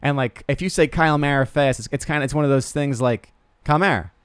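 A young man talking off the cuff in a comic monologue, mid-pitched and recorded dry and close. He rambles and restarts his sentences, and he pokes fun at himself as he goes. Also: fast, fairly bright tone, clear, resonant tone, no echo. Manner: rambling, self-deprecating, stammering restarts. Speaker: podcast host. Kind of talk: casual comedic monologue.

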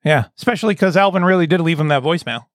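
A man hosting a casual comedy podcast, excitable, laughing often and restarting his sentences. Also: on the high side, very fast, no echo, studio quality. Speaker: podcast host.

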